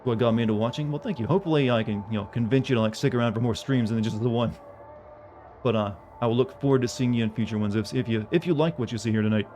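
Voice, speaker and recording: A man streaming a video game, chatting casually in a dry monotone. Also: mid-range voice, quick pace.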